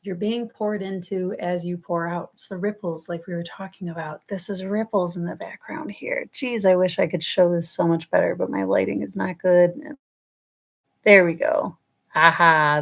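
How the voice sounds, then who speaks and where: Woman, New York accent, low-ish voice, chatty tarot reader on a livestream, affectionate and meandering. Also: gravelly, a bit bright. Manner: affectionate, rambling, calls viewers loves and darling. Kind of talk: casual live-stream reading. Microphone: webcam or phone on a livestream.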